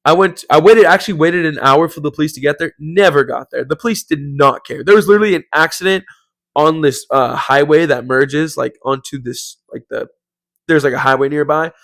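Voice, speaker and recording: A man's voice: on the high side, fairly quick, a bit bright, no echo. A young man hosting a podcast, telling a story casually and rambling, with lots of "like" and "bro". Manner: rambling, heavy use of "like" and "bro". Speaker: podcast host.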